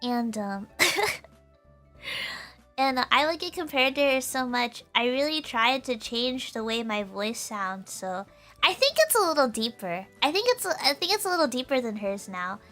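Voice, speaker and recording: A woman streamer chatting casually with her viewers in a high, girlish voice, giggling often and filling her talk with "like". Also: very animated, normal speed, a bit bright, faint music behind. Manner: giggly, laughs often, full of "like" fillers.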